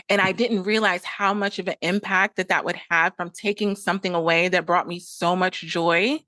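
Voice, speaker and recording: A woman hosts a casual podcast chat in a lowish voice. She talks in a lively way and acts out what she once said. The sound is dry and close. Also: fairly quick, hardly any pauses, dry recording. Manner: animated, acts out her own past dialogue. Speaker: podcast host.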